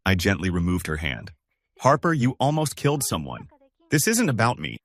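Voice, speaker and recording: A man's voice: sits low, normal speed. A man narrating first-person relationship stories in a scripted reading style. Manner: steady storytelling, lines read one after another.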